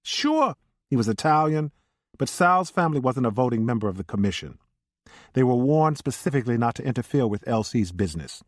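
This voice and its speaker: A man's voice: medium pitch, sing-song, fairly quick, dry recording, studio quality. A man voicing a blunt, cold male mafioso with a heavy Brooklyn accent, read in an audiobook. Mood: contemptuous.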